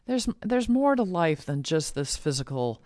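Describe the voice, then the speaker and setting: A woman's voice: big pitch swings, a little slow, no echo. Earnest middle-aged woman, dry close sound. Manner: warm, earnest, laughs often, acts out quotes in a high voice. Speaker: guest, author and shamanic practitioner. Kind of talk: casual interview talk.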